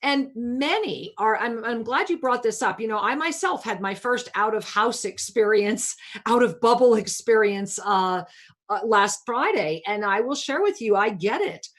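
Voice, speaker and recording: A woman's voice: a little high, expressive, a little slow. A woman hosting a spiritual talk radio show, coaching a caller in a soothing, affectionate way and calling her pet names.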